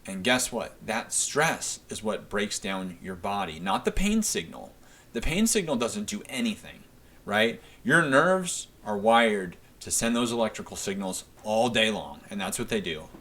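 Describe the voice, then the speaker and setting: Earnest low-voiced man coaching. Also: fairly bright tone. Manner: earnest, coaching tone, keeps asking "right?"; repetitive, emphatic phrasing. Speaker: podcast host. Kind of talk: solo podcast monologue.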